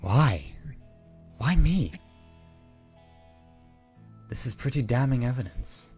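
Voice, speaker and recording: A man voicing a stern middle-aged female councilwoman who speaks in a commanding, measured way. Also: mid-range voice, animated, a little mellow, slightly rough, faint music behind, voice pushed up, exaggerated voice.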